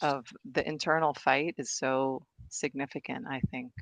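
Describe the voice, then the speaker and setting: A woman's voice: extremely low pitch, steady tone, normal speed, creaky, no echo. A woman presenting and discussing on a video call, chatty and enthusiastic, laughing often. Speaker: guest presenter.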